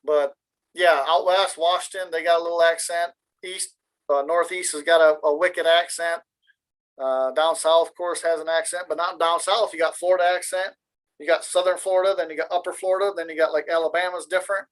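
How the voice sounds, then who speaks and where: A man from Michigan chats casually on a video call, rambling and joking in an easygoing way as a meeting participant. His voice is a little high, a bit bright and steady, delivered a little fast over poor audio.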